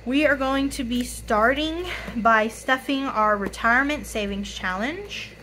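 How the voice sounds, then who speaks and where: A young woman in her twenties with a hoarse, raspy voice, chatting casually to camera, often apologizing and counting money out loud. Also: a little high, unhurried, a little hiss or hum, poor audio. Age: 20s. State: hoarse, voice tired. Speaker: budgeting YouTuber.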